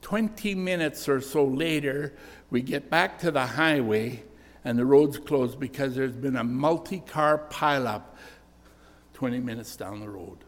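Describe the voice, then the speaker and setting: A man's voice: medium pitch, measured pace. An older man preaching a sermon, telling personal stories in an earnest, storytelling way. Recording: echoey church hall reverb.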